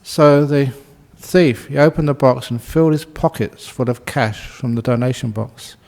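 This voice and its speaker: A man who is a Buddhist monk giving a relaxed, humorous dharma talk and telling a story, often laughing. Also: medium pitch, normal speed, gravelly.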